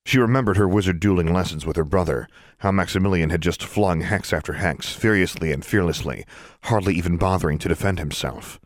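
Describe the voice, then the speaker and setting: Deep-voiced man narrating an audiobook. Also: a little fast, no echo, studio quality. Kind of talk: scripted narration.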